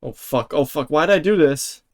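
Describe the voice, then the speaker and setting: A man's voice: fairly high pitch, moderate pace, a little mellow. A man streaming a game live, reacting in panicky bursts, swearing and exclaiming as he plays.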